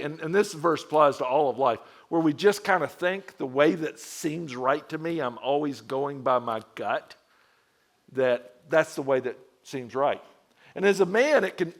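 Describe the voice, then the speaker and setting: A middle-aged male pastor preaching to a men's group in a conversational, storytelling way, full of acted-out quotes and shifts in pitch and loudness.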